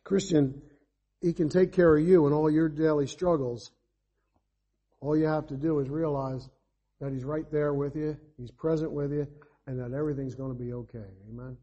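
A fervent male preacher with a husky, mellow voice that sits a little high for a man. He builds to emphatic appeals, then falls back to hushed asides, pressing his listeners with rhetorical questions. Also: steady tone, normal speed. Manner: fervent, rises to emphatic calls then drops to quiet asides; asks the congregation rhetorical questions. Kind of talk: evangelistic sermon.

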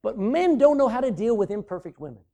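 A middle-aged man preaching a sermon as pastor, swinging from loud emphasis to sudden hushed drops. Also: very high-pitched, big pitch swings, quick pace.

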